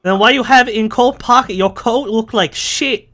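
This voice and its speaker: A man's voice: extremely high pitch, sharp tone, slight background noise, voice pushed up. A man doing an old shopkeeper woman in broken English. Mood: blunt. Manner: slow, halting broken English.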